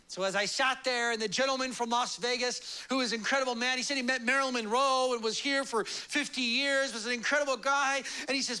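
The audio is poor, but the voice is clear and resonant: very high-pitched, brisk, with few pauses. A pastor in his thirties preaches, recounting a personal story with animation and voicing the people he quotes.

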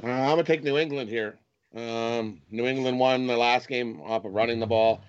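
A man's voice: mid-range voice, steady tone, moderate pace, smooth, highs cut off. A man confidently laying out stats for his sports pick, with frequent "uh" and "um". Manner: stat-heavy, confident, many fillers. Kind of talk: casual betting picks chat.

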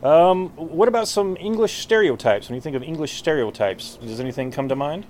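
An upbeat man stops strangers on the street with quick, friendly questions, laughing easily between them. His voice sits a bit high and swings lively in pitch. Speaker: street interviewer. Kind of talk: casual street interviews. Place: outdoors on a street.

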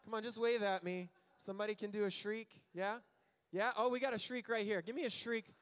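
Male pastor, slightly high voice, animated sermon storyteller who plays the quotes for laughs. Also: brisk, smooth. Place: church sanctuary.

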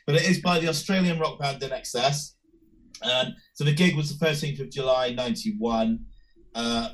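A man with a croaky voice from a cold, chatting at length on a podcast with many restarts. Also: medium pitch, a bit bright, poor audio. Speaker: podcast co-host. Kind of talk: casual podcast chat.

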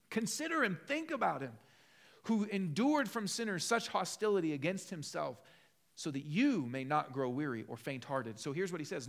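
Passionate high-voiced male pastor preaching. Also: creaky. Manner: passionate, rises to loud emphatic peaks then drops low and conversational. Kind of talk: sermon.

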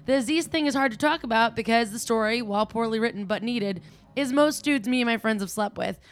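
A woman with a somewhat high voice tears through a scripted comedic rant. She sounds brash, profane and cutting. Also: a little fast. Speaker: resident commentator.

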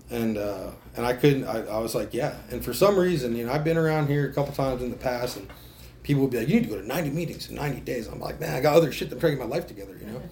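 A man's voice: mid-range voice, a little hiss or hum. A man telling his recovery story to a meeting, casual, swearing a lot and laughing at himself between lines. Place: meeting room.

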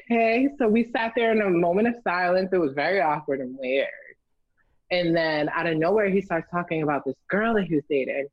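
A young woman telling a candid, profane story in a casual chat, lively and blunt. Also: fairly low pitch, a little fast, highs cut off. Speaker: storyteller guest.

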